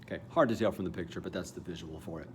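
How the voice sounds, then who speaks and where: Low-pitched and rapid-fire, a male math teacher runs through a calculus problem step by step, thinking out loud in a casual way and correcting himself here and there. A faint hiss or hum is audible.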